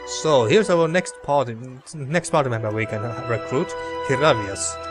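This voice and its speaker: Male let's play host, casual, stumbling reads, profane asides, mid-pitched voice, faint music underneath. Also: animated, normal speed. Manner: stumbling over words, loose and profane. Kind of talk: casual gameplay commentary, reading game text aloud.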